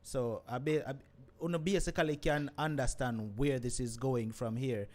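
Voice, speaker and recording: A man hosts a live call-in show. He talks straight to the audience in a calm, plain way and breaks in now and then to guide a caller. His voice sits at an ordinary male pitch. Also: normal speed.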